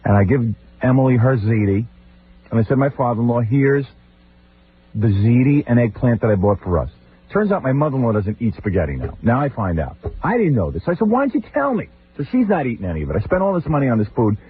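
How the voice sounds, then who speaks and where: A middle-aged male radio host rattles off family stories at a quick clip, his voice leaping around as he acts out the people in them. The sound is narrow and tinny, like an old broadcast archive with a faint hiss underneath. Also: mid-range voice. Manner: animated, mimics family members in exaggerated voices. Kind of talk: comic talk-radio storytelling.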